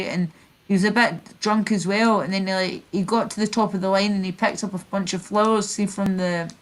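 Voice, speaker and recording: A woman's voice: medium pitch, steady tone, brisk. A Scottish woman streamer telling rambling stories in casual chat, full of fillers and restarts. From Scotland. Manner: rambling, filler-heavy storytelling.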